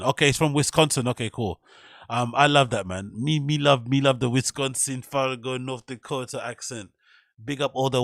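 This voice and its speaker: A man's voice: mid-range voice, a bit bright, no echo, studio quality. Slangy man streaming. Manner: swearing, slangy, rambling. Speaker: streamer host. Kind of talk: casual live-stream chat.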